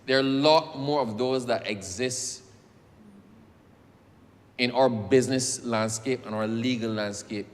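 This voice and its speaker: A man's voice: medium pitch, measured pace, pauses often. A man with a Barbadian accent, a member of parliament telling a story in a parliamentary speech and addressing the chair as sir. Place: large legislative chamber. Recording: long echo of a large chamber.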